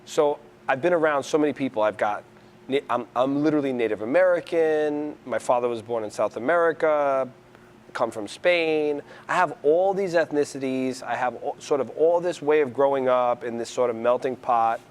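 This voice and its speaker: A man's voice: mid-range voice, moderate pace. A man from New York City talking in a conversational interview, rambling with frequent restarts. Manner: rambling, restarts often, animated storyteller.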